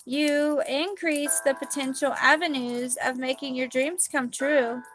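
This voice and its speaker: A high-pitched woman leads a live spiritual card reading in a gushing, dreamy, quirky way. Faint music plays softly behind her. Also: steady tone, unhurried.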